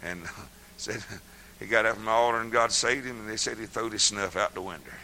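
An older man preaching a sermon, folksy and laughing often, swinging from hushed murmurs to loud shouts. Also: fairly low pitch, fairly quick, slight background noise, rough recording.

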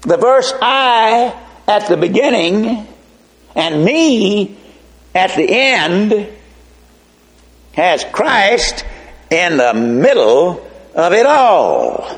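Slow, lively preacher man. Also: high voice. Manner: slow, emphatic preaching with folksy asides. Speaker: pastor. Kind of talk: sermon.

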